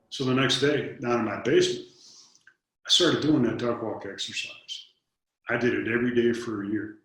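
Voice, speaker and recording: A man's voice: mid-range voice, brisk, a bit bright. A man in his fifties from Detroit, telling personal stories in an interview and acting out the dialogue, often repeating his first words. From Detroit, United States. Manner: earnest storyteller, acts out dialogue, repeats words when starting a thought. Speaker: interview guest. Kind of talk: storytelling in an interview. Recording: very echoey room.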